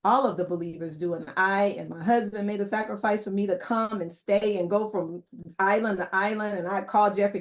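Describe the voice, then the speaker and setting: A woman's voice: mid-range voice, steady tone, a little fast. Reflective middle-aged woman telling a story. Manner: reflective, warm storytelling with many fillers. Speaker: guest. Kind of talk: conversational interview testimony.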